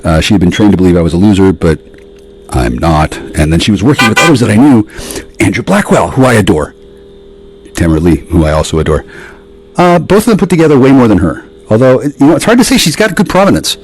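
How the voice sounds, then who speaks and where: A man in a rambling, profane monologue, sarcastic and ranting, with sudden jumps up in pitch. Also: sing-song, quick pace, rough recording.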